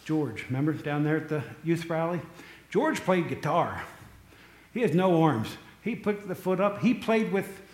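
A man delivering a relaxed, chatty sermon in a somewhat higher voice, tossing jokey asides to the congregation. His voice rings out in an echoey room, as from a church hall. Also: unhurried. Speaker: pastor. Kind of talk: casual sermon.

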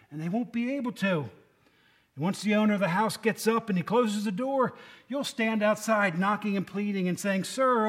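A man preaching a conversational sermon, folksy and quizzing his listeners by name. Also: high voice. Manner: folksy, asks the congregation questions by name.

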